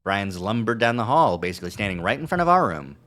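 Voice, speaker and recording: Man reading a visual novel aloud, low voice, lively delivery, bright forceful tone. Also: fast talker. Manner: reads narration with asides and chuckles. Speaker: streamer.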